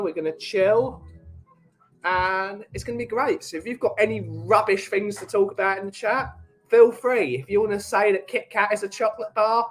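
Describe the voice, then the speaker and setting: A man's voice: high-pitched, a bit bright, poor audio. A man who runs a small coffee company, chatting casually on a livestream and greeting viewers in the chat by name. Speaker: coffee shop owner and livestream host.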